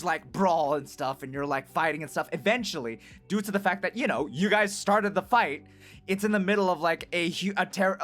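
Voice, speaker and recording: Rambling streamer telling a wild story. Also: mid-range voice. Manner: rambling, full of "like" and "right?" tag questions; animated, swings between excited and hushed. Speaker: vtuber streamer. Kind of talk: casual improvised storytelling.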